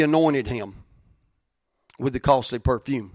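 In an unhurried sermon, a pastor with a fairly high voice keeps things folksy and plain. Repetition and swings between booming and quiet give it emphasis. The close, dry recording has no room echo.

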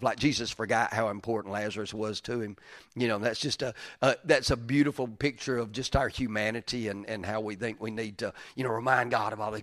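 A man preaching a sermon in a folksy, conversational way, stuffy from crying, who builds up to loud, emphatic stretches. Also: on the low side, steady tone, fairly quick. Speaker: pastor.

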